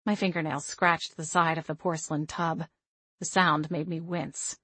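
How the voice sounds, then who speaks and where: A woman reading a first-person audiobook with wry, expressive delivery. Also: deep voice, moderate pace, slightly rough, no echo. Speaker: audiobook narrator.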